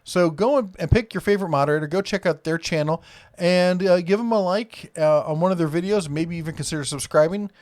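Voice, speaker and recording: A man with a plain Iowa accent talks casually on a live stream, reading out viewer comments and drifting between topics. His voice sits a little high, and his speech is loose and full of fillers. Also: a little fast, darkish tone. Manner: rambling, reads viewer comments aloud, frequent fillers.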